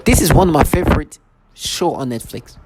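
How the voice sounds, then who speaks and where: A man's voice: fairly high pitch, animated, normal speed. Agitated rambling man, noisy home recording. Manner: agitated, repetitive, many restarts. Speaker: vlogger. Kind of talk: rambling to-camera monologue.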